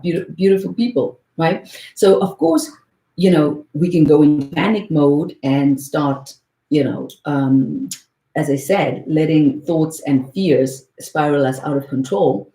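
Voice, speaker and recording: A woman in her forties gives a spiritual talk on meditation over a call, earnest and repetitive, checking in often with her listeners. Her voice sits low and mellow. The recording carries a noticeable room echo. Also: moderate pace. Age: 40s. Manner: earnest, repeats words for emphasis, frequent "right?". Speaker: meditation teacher.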